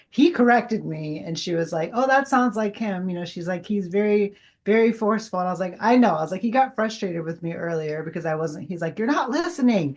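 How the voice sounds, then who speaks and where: A middle-aged woman, a guest medium, telling an animated personal story in casual chat and acting out the dialogue. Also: fairly low pitch. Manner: animated, heavy use of "like", acts out quoted dialogue.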